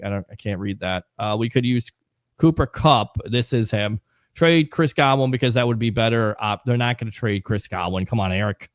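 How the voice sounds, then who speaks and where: A man's voice: fairly low pitch, normal speed, dry recording, clean studio sound. A man hosting a casual sports talk show, reading viewer comments aloud in a loose, chatty way. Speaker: host.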